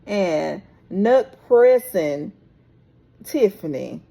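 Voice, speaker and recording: A woman vlogger recaps a TV episode in a chatty, unhurried way. Her pitch swings widely as she tells the story, and her voice carries a gravelly edge. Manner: chatty, animated, drawn-out storytelling.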